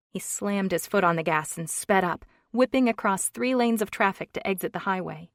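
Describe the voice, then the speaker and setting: Lowish woman narrating an audiobook. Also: no room sound, clean studio sound. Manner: even, measured storytelling. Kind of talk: scripted narration.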